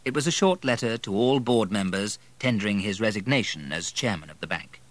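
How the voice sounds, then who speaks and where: A man narrating an audiobook in a measured, even manner. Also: on the low side.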